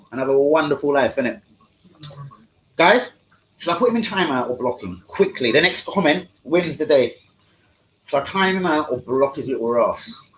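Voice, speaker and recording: A man's voice: fairly high pitch, fairly bright tone, a little hiss or hum, rough recording. A young man hosting a live fan stream, profane, combative and mocking as he talks to his chat. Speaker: fan channel host. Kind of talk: live-stream football rant.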